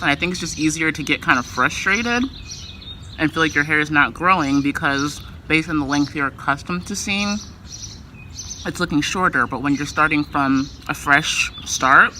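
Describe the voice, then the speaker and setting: A woman's voice: low-pitched, bright, forceful tone, slight background noise. A woman vlogger talking in a casual, loose way, full of filler words. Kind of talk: casual vlog chat.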